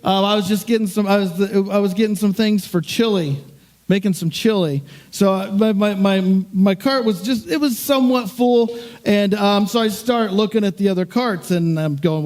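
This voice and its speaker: A man's voice: high voice, moderate pace, darkish tone. A middle-aged man, a pastor, telling a story in his sermon in a conversational, self-deprecating way.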